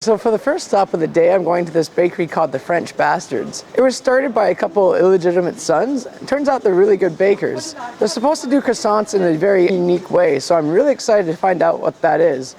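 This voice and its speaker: A man's voice: high voice, lively intonation, fairly quick, vocal fry, darkish tone, soft background music. A man with a stuffy nose, playfully reviewing pastries in a casual outdoor food vlog. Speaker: food vlogger in costume.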